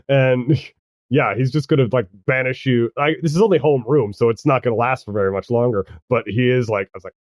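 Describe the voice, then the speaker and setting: A man narrating as game master of a tabletop game, halting and chuckling as he goes. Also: medium pitch, dry recording, highs cut off. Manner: halting, full of restarts and chuckles.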